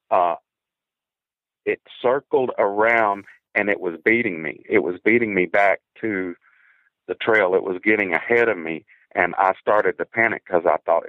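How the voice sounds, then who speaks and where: Over a thin, tinny phone line with no room sound or echo, a man with a very low, deep voice recounts a personal encounter from his past. He speaks earnestly and haltingly, often repeating a word when tense before pushing on.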